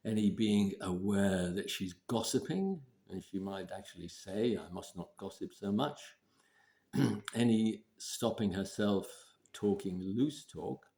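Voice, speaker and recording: A man giving relationship advice in a measured way, often clearing his throat and repeating points for emphasis. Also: deep voice, darkish tone. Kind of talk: advice talk to camera.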